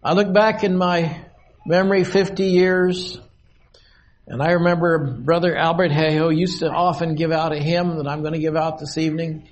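An older man preaching a sermon from a podium in a meeting hall, slow and measured with long pauses. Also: a little high, little pitch movement, slight background noise.

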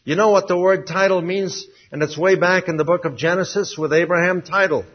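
A man preaching a sermon in a folksy way, swinging from loud emphasis to quiet asides. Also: sits high, brisk, husky. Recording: dull lo-fi sermon recording.

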